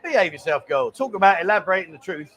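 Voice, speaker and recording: An expressive, fast-talking man with a rather high voice hosts a casual live stream from a busy bar, with noise all around. He reads viewers' messages, cracks jokes and keeps the chat loose.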